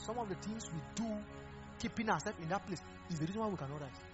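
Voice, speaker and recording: Pastor, male, animated sermon delivery, swoops high and low. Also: fast talker. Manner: animated, mixing Pidgin, laughing and exhorting. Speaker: preacher. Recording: dull lo-fi recording with faint music.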